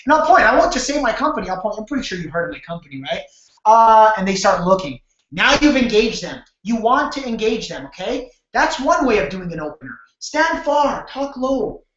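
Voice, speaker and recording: In a very high, sing-song, fairly bright voice at a moderate pace, a man hosts a live sales-training webinar from a home room. His talk is casual, full of restarts and acted-out door-step scenes. Recorded on his computer mic during the video call, the webcam audio is echoey and dull.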